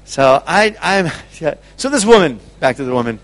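A man with a high voice gives an animated teaching talk to a gathered group. He laughs often and stumbles over repeated words as he tells his stories. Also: moderate pace. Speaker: ministry speaker.

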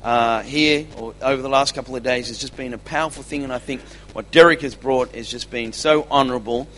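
Bright-voiced man telling an animated testimony. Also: mid-range voice, fairly quick, a little hiss or hum. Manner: animated storytelling, acting out dialogue. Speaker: church conference speaker. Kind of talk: testimony sharing.

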